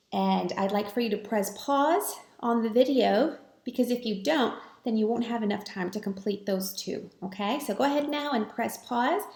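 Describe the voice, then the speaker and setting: A woman teaching a recorded math lesson to students, talking in a slow, patient, encouraging way. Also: mid-range voice, a little mellow. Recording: echoey room.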